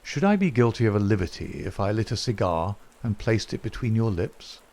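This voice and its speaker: A composed gentleman detective speaks with measured courtesy and dry irony, as a male reader brings him to life. He delivers each line slowly and evenly, never raising his voice. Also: lowish voice, animated. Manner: measured, courteous and dryly ironic. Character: calm wry gentleman detective, male, middle-aged.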